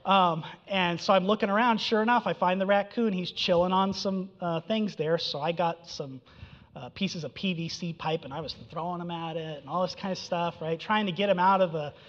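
A man's voice: high voice, moderate pace. A man preaching a sermon in a conversational way, often checking in with "right?" and "okay?". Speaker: pastor. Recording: dull sound with long reverb in a hall.

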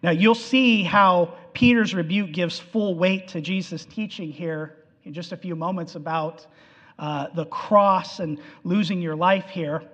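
A man preaching a sermon, animated and acting out the quotes, in an echoey hall on a dull, lo-fi recording. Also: sits high, a little slow.

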